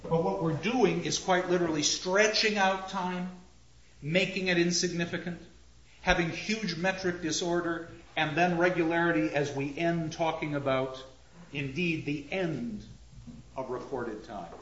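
Guy teaching poetry, slow careful delivery, kinda muffled roomy recording. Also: fairly high pitch, fairly even intonation, fairly bright tone, slight background noise. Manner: slow, deliberate, reads lines aloud with stressed beats. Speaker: literature lecturer. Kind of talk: close reading of verse, lecture. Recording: roomy, slightly dull audio.

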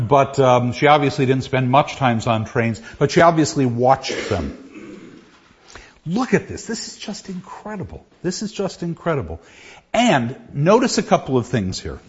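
Enthusiastic male lecturer, lively rising and falling pitch, dull lo-fi classroom recording. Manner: enthusiastic, halting with restarts and fillers. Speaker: literature lecturer.

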